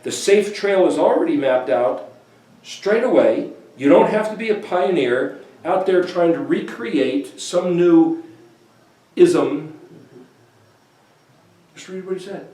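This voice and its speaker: Animated man teaching scripture, echoey. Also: high-pitched, takes it slowly, pauses often. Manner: animated, acts out quoted voices with laughter. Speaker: bible teacher. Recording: echoey room, voice from a distance.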